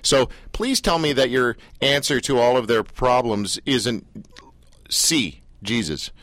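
Joking, animated radio host man. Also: medium pitch, a little slow, dry recording. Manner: joking, animated, rambling questions. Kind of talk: casual interview chat.

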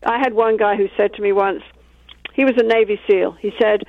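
A woman talks calmly about her work as a couples therapist, walking through examples from sessions. Her voice comes through a narrow, tinny line with a dry sound. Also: medium pitch, brisk, dry recording. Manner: calm, explains with acted-out examples. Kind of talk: interview conversation.

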